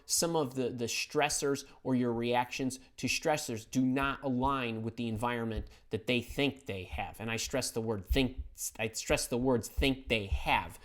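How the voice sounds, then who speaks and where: A man's voice: mid-range voice, fairly bright tone. A middle-aged man hosts a live question-and-answer stream, answering viewers off the cuff. He is blunt and emphatic, doubling back on words to stress a point. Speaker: career advice host answering viewer questions. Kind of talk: live-stream Q&A, casual and opinionated.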